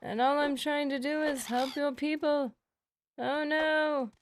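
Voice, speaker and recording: A hammy, helpless damsel, as a woman puts her on, her voice lifted high and stretched slow as she wails over her suffering. She lays on the drama thick, all mock pain and pleading. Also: fairly even intonation, slight background noise. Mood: melodramatic. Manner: theatrical, drawn-out wailing.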